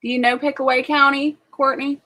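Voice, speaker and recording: A woman's voice: high voice, flat delivery, fairly quick, bright, forceful tone. Chatty woman telling rambling farm stories. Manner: chatty storyteller, lots of "like". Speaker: livestream host. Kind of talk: casual chat. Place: rural farm home.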